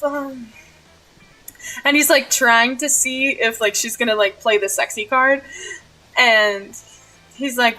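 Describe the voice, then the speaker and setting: A woman's voice: on the high side, measured pace, pauses often, pushed and bright, faint music behind, rough recording. A young woman streamer telling a story in a casual vlog, bubbly and giggly, with many "like" fillers. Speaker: streamer recapping a role-play game.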